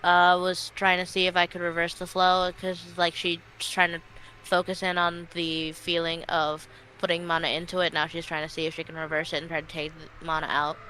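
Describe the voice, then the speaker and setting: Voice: mid-range voice, monotone, normal speed, pushed and bright, slight background noise, rough recording. A tabletop player chatting casually and hesitantly about their character's actions. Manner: hesitant, many fillers and restarts. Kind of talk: casual tabletop game chat.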